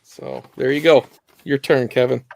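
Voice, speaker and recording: A man's voice: medium pitch, steady tone, measured pace, creaky, darkish tone. A man co-hosting a live online collecting chat, talking casually and rambling with lots of fillers over a video call. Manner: rambling, loose, many fillers.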